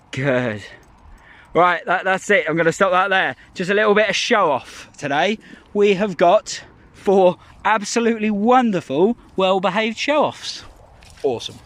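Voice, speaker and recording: Excitable Glaswegian man walking dogs. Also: sits high, measured pace, long pauses. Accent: Scottish, Glasgow. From Scotland. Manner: excitable, chatty, laughing, giving dog commands. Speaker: professional dog walker. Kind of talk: casual vlog narration while walking dogs. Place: outdoors in parks and forest.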